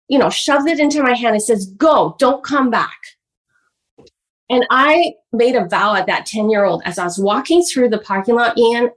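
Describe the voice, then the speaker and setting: In a podcast interview, a middle-aged woman who is a guest author tells a personal story earnestly and emotionally, often using the host's name and acting out her parents' voices. Her voice is fairly high, and the audio is poor.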